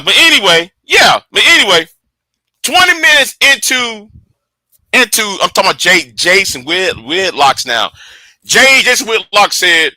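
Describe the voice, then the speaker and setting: A man hosting a casual livestream, rambling with repeated words, profanity and quiet trailing asides. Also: high-pitched, no echo. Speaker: livestream host.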